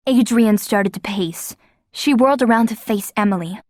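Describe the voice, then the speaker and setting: A woman narrating an audiobook in a lively, expressive storytelling manner. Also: medium pitch, normal speed, dry recording, studio quality. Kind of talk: scripted narration.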